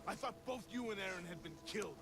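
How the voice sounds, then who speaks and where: A man's voice: high-pitched, creaky, fairly bright tone, husky, heavily acted. An actor playing a sardonic middle-aged male fence in a video game, wry and grumbling. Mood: needling. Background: game music.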